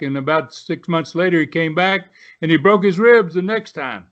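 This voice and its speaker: A man's voice: on the high side, moderate pace. Older man telling stories over dull lo-fi audio. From Southern United States. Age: 70s. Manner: rambling, many "uh" and "you know" fillers. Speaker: interview guest, former wrestler. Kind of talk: storytelling in a casual interview.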